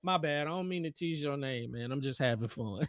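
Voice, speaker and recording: Man, high voice, dry close sound, casual trading stream chatter, jokey, talks to the chart. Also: moderate pace, no room sound. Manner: joking, talks back to the chart, lots of "man" and "y'all". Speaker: livestream host and futures trader. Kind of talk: casual live trading commentary.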